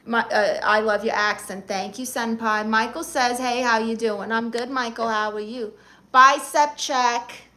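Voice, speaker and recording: A man's voice: very high voice, fairly even intonation, a little slow, full character voice. A man playing a sassy, flirty middle-aged aunt with a Spanish accent, hosting a live-stream comedy chat in a brassy, teasing, dramatic way. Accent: Spanish-accented English. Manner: brassy, teasing, dramatic, greets fans warmly. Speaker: livestream host.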